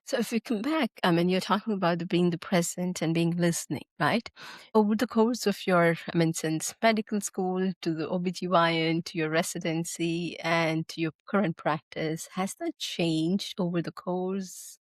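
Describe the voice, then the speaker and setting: A woman interviewer asking gentle, probing questions and backing the guest with quiet "mm-hmm"s. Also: on the low side, normal speed, no room sound.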